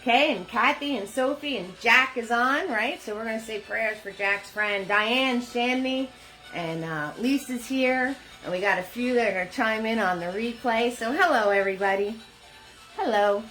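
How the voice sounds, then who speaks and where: A chatty woman with a New Jersey accent and a bright, forceful voice, teaching a painting class live. She laughs easily and greets viewers by name, and faint music plays underneath. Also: fairly high pitch, moderate pace, poor audio. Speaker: painting instructor.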